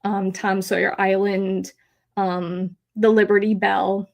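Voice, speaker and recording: A woman's voice: medium pitch, flat delivery, takes it slowly, vocal fry, darkish tone. A woman in her thirties hosting a live stream, chatting in a rambling, emotional way with many fillers and replying to chat. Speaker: host of a live theme park stream.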